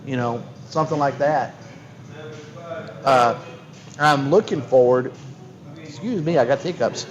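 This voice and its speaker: Soft music plays behind a man whose mid-range voice comes through lo-fi at a moderate pace. Hosting a laid-back show from a bar lounge, he spins stories eagerly, starting over again and again.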